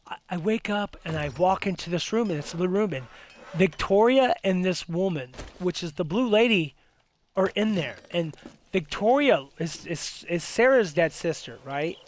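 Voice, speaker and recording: A man's voice: high-pitched, animated, moderate pace, slight background noise. A young man telling a ghost story in casual chat, rambling with many restarts and fillers. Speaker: host.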